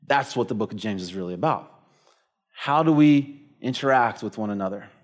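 A man's voice: lowish voice, lively intonation, normal speed. A man preaching a sermon, telling a story casually with plenty of fillers like "like" and "you know". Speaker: pastor.

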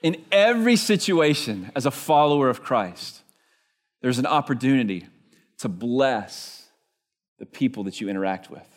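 A man's voice: medium pitch, animated, normal speed. A male pastor preaching a sermon in a church, telling stories conversationally with frequent "right?" asides.

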